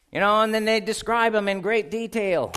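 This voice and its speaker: Animated preacher man with lively pitch. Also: a little hiss or hum. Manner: animated, asks the congregation questions and reads scripture aloud. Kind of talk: sermon.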